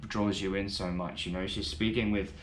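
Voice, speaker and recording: Enthusiastic low-voiced man in an echoey room. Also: level tone, moderate pace. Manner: enthusiastic, rambling, swears casually. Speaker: music reaction video host. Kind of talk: casual first-reaction commentary.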